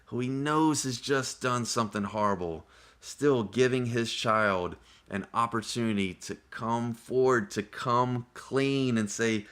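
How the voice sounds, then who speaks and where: A man's voice: mid-range voice, a little slow, fairly bright tone. A man teaching a casual Bible study, talking in a conversational, earnest way with frequent exclamations.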